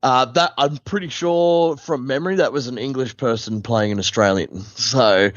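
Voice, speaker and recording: A man's voice: medium pitch, moderate pace, dry recording, lo-fi sound. A man co-hosting a podcast, talking in a thoughtful, rambling way. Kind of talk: casual chat.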